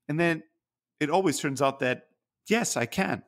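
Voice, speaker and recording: A man's voice: fairly high pitch, animated, fairly quick, fairly bright tone. A man co-hosting a podcast, talking candidly and introspectively in casual chat, swearing freely. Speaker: podcast co-host.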